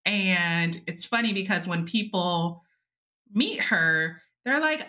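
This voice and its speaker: Bright-voiced woman telling stories animatedly. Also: mid-range voice, slow pace. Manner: animated, laughing, acts out quotes; casual with swearing and fillers. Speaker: podcast host. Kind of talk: casual storytelling chat.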